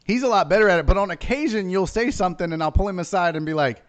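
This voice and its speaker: A man in his forties hosting a casual, profane chat with an old friend, laughing often and telling stories with loud bursts. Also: sits high, quick pace, few pauses. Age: 40s. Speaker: podcast host. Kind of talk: casual banter.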